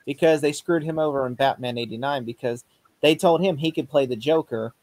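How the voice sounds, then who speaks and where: A man co-hosting a casual movie commentary, animated and quick to slip into mock impressions. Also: mid-range voice, dry recording. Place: home setup on an online stream.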